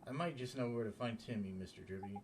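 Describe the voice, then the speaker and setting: A man voicing a polite, earnest young boy hero in a quiet, plain way. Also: mid-range voice, fast talker, background noise, close to an everyday voice.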